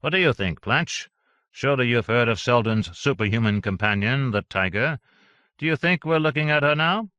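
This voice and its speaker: A man's voice: mid-range voice, expressive, normal speed, smooth, no room sound, pitched above the performer's own voice. A man voicing an unctuous, volatile male official in an audiobook, with an oily, pushy delivery. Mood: scheming. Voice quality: oily, swings to shouting. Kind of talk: audiobook character voice.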